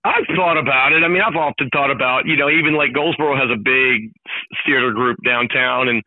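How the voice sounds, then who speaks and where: Excited man on a tinny phone line. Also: mid-range voice, fairly quick, no room sound. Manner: enthusiastic, hyped storytelling. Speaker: guest, sports announcer. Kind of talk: casual radio chat.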